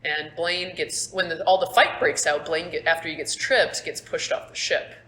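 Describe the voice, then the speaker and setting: A woman's voice: low-pitched, steady tone, moderate pace, sharp tone. A young woman narrating as game master in a casual, swearing style, recorded on a phone in a room at school. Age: young adult. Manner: casual, swearing, laughs at own slips. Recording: echoey room, phone, faint noise.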